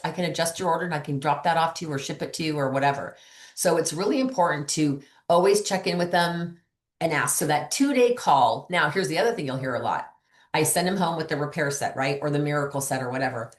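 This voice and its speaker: A woman giving a casual training talk to other beauty consultants, chatty and animated, acting out her customer conversations. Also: deep voice, fairly quick, roomy sound.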